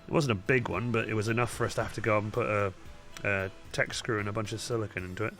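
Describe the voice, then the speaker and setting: This cosplay livestreamer talks fast in a fairly low, fairly even voice, swearing nonstop and muttering to himself as he paints on stream. The young man chats casually into a studio mic while faint music plays behind him.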